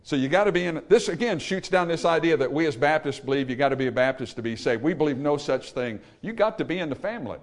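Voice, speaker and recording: A man preaching a Baptist sermon, emphatic, swinging between loud peaks and low trailing endings, calling for amens from the congregation. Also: animated, fast, few pauses. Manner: calls for amen from the congregation. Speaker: Baptist pastor.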